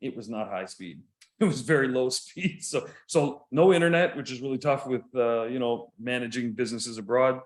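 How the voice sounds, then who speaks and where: A man's voice: medium pitch, normal speed. Canadian man in loose, laughing chat. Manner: laughs often, rambling, swears casually. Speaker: podcast co-host. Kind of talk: casual chat.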